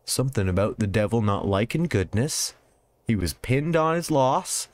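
A man's voice: medium pitch, expressive, moderate pace. A man casually commenting while playing a game, joking, laughing often and swearing freely. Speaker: let's play host.

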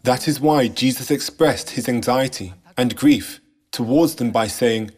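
A man reading a scripted sermon narration in a measured, solemn way, posing rhetorical questions. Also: mid-range voice, a little mellow, husky. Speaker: church narrator.

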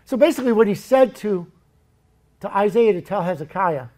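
A man preaching a sermon in a church, telling Bible stories in a lively, joking way. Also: high voice, moderate pace.

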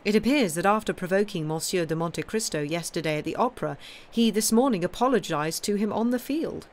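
A woman's voice: mid-range voice, lively intonation, moderate pace, close to an everyday voice. A woman voicing a proud, outspoken young heiress who talks in firm, ringing tones. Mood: scornful.

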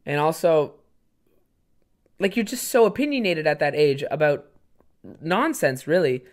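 A man's voice: fairly high pitch, lively intonation, a little slow. A young man in his twenties hosting a comedy podcast alone. He rambles casually, swears freely, and tells loose stories in an everyday voice. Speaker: podcast host.

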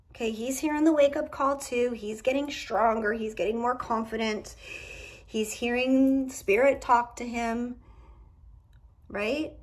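Husky-voiced woman giving a candid tarot reading. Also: fairly high pitch. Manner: candid and profane, with emphatic asides. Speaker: tarot reader. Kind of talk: casual tarot reading to camera. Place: indoors at home.

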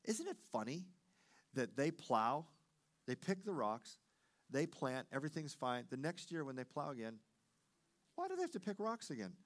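A middle-aged man, a pastor, preaching a sermon with animated storytelling that swings between loud and hushed delivery. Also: on the high side, normal speed, pauses often.

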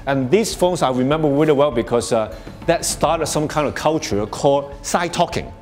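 A man's voice: a little high, moderate pace, darkish tone, faint music behind. Chatty man giving a workshop talk. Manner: conversational, frequent restarts and "you know"; chuckles often while explaining. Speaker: workshop speaker. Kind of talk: live workshop presentation. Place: workshop space before an audience.

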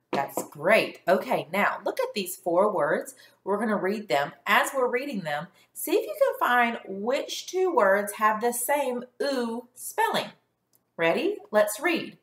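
A woman teacher leading a first grade phonics lesson, sounding out letters slowly and praising the class. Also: mid-range voice. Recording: echoey room.

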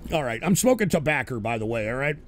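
A man hosting a livestream show, ranting with constant swearing, shouting at trolls, and tacking "all right?" onto his sentences. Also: mid-range voice, very animated, fast, background noise. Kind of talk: profane livestream rant.

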